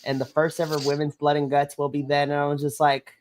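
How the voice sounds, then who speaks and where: A woman's voice: sits low, fast talker, dry recording. Woman, wrestling podcast co-host, bubbly, gushing, dry close sound. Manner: bubbly, gushing, with bursts of shrieking excitement and laughter. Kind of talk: excited wrestling recap chat. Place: home setup on a live stream call.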